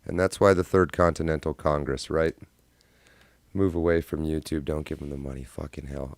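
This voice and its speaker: Low-voiced male streamer, rambling and profane, dry close sound. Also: fairly even intonation, normal speed, creaky, dry recording. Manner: rambling, profane, self-deprecating. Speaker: livestream host. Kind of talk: casual livestream chat.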